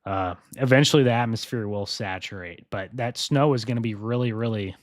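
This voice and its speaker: A young man hosting a live weather briefing, chatty and excitable, often laughing as he talks through forecast models. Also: on the low side, brisk, no echo, clean studio sound. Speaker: weather livestream host.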